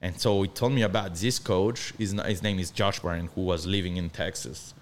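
A man from northern France with a French accent, talking as a guest in halting English full of restarts. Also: deep voice, steady tone, slight background noise. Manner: halting non-native English, frequent restarts, earnest. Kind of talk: casual chat.

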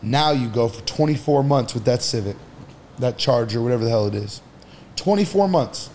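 A man's voice: medium pitch, lively intonation, normal speed, darkish tone, slight background noise. A man on a podcast as an entrepreneur guest, talking casually and bluntly, with some swearing, while he gives advice. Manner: blunt, profane, advice-giving.

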